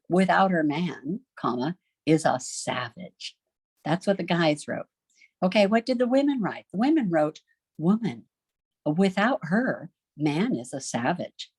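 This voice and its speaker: A middle-aged woman teaching a recorded homeschool literature lesson, chatty and lively, often putting questions to her class. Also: fairly low pitch, slightly rough, no echo.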